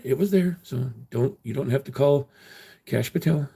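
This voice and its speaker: A man with a gravelly, husky voice hosting his own livestream. He chats casually and answers viewers' comments bluntly and defensively, swearing freely. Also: mid-range voice, measured pace, warm tone. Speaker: livestream host.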